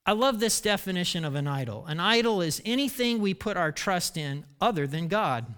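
A man preaching a sermon, retelling scripture in an animated, self-deprecating storytelling way. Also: high-pitched, normal speed, clean tone. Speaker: pastor.

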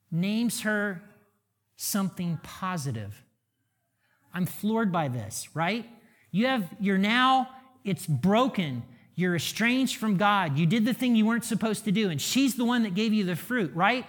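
High-voiced man preaching a sermon. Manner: conversational preaching with rhetorical questions. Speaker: pastor.

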